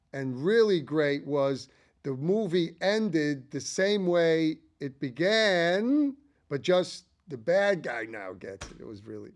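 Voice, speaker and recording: A man's voice: medium pitch, darkish tone. An older man hosting a casual ranking monologue, chatty and enthusiastic, rambling with frequent asides. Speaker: channel host.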